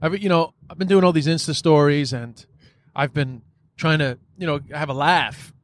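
A man's voice: a little high, normal speed. A man hosting a podcast, talking in a casual, frustrated monologue, swearing often and filling his speech with "like" and "you know.". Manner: frustrated, profane, many fillers.

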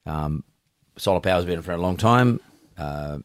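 Very deep-voiced Australian man hosting. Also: expressive, measured pace, dry recording, studio quality. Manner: blunt, rambling, frequent restarts. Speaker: podcast host. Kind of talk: casual interview.

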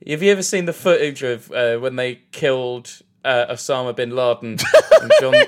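A man co-hosting a comedy quiz podcast, telling absurd stories in a deadpan way. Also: medium pitch, normal speed. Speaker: podcast co-host.

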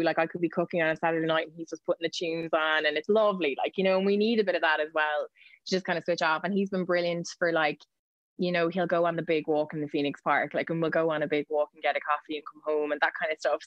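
A woman with an Irish accent, a news reporter chatting as a podcast guest, telling quick anecdotes and laughing often. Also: deep voice, fairly even intonation, no echo, lo-fi sound. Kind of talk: casual podcast interview.

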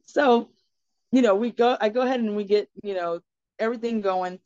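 Woman interview guest, mid-pitched, earnest storyteller; dry, slightly muffled recording. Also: normal speed, no echo. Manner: earnest and expressive, acting out dialogue in her story. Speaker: podcast guest.

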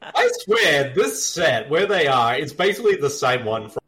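Lively man chatting about movies. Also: on the high side, normal speed, music in the background. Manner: animated, shares film trivia, laughs often. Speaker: podcast co-host. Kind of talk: casual movie commentary chat.

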